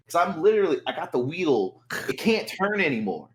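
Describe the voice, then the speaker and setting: A man's voice: a little high, sing-song, brisk, a little hiss or hum, low-quality recording. A young man, co-host of a podcast, telling a story in casual chat, acting out quotes and swearing a lot.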